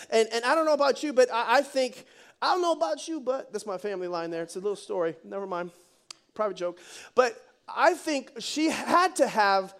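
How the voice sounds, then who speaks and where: High-voiced, animated male preacher. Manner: animated, joking, conversational preaching. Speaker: pastor. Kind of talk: sermon.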